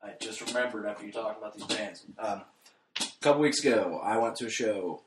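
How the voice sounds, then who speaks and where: A man co-hosting a podcast in relaxed, rambling casual chat, peppered with "like" and "dude". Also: lowish voice, a little fast. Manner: laid-back, rambling, frequent "like" and "dude". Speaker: podcast co-host. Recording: echoey room with faint noise.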